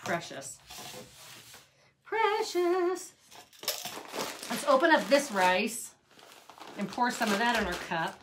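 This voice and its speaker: A woman's voice: medium pitch, normal speed, noisy background. A middle-aged woman hosting a casual craft tutorial, chatty and gushing over her handmade pieces. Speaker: craft channel host.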